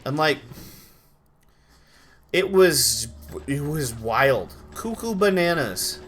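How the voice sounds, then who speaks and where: A sleepy young man from Idaho chatting casually on a live stream while gaming, rambling with quick outbursts. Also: on the high side, lively intonation, fairly bright tone, a little hiss or hum. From Idaho, USA.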